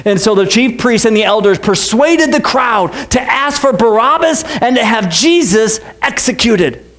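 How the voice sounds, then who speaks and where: A male pastor with an unusually high voice delivers a lively sermon. He jokes with his congregation and breaks into shouted impressions of the crowd and the characters. The sound is of a church service. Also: a little slow. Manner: animated, joking storyteller who acts out the crowd and Pilate. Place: church sanctuary.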